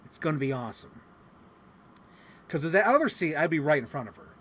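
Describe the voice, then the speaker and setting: Excitable man telling a story. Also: fairly quick. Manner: animated, swears freely, acts out quotes with big pitch jumps. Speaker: vlogger. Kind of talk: casual storytelling vlog.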